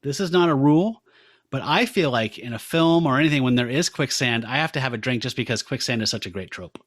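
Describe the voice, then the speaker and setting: A man recaps a horror comic in casual podcast talk, playful and easygoing. His voice sits at a middle pitch, and the recording is dry and close. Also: animated, quick pace, fairly bright tone, no echo. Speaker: podcast co-host. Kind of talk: casual comic book discussion.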